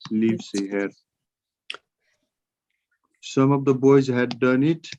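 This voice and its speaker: A man with a Nepali accent teaching English grammar in an online class, dictating sentences slowly word by word. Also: mid-range voice, warm tone, dull audio, slight background noise.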